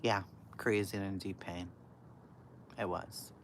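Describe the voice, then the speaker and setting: Animated, swearing woman telling stories. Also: a bass voice, slow pace, a little hiss or hum. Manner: animated, profane, laughs often, swings from loud to hushed. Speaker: livestream host. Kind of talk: casual storytelling to a live chat.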